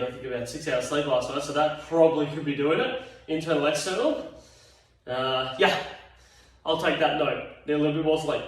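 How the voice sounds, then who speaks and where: A man leading a home exercise class, tired and yawning, chatty and encouraging as he counts reps. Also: fairly high pitch. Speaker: fitness instructor. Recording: very echoey room, mic at a distance.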